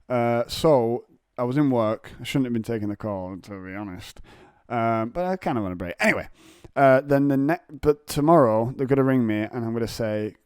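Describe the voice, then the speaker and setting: A man's voice: a little fast, few pauses, a little mellow, clean tone, no room sound, studio quality. Man rambling through stories. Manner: jokey storytelling, acts out voices of others in high pitch. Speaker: podcast host. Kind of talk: rambling solo podcast chat.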